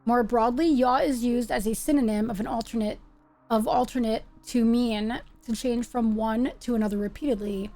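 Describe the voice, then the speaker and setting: Woman streamer, playful running chatter over a game, higher voice, faint music behind. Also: fairly even intonation, normal speed, mellow. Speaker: live-stream host. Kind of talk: casual live-stream chat while gaming.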